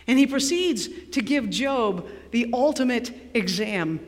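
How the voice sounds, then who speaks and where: A woman pastor preaching a sermon in a church sanctuary, dramatic and dropping to a near hush for emphasis. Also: high-pitched. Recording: long reverb of a large hall.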